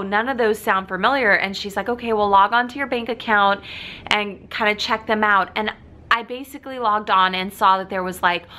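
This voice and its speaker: A woman's voice: medium pitch, sharp tone. A young woman, a flight attendant, talking casually to her camera in a hotel room, venting with lots of filler words. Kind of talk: casual vlog talk to camera.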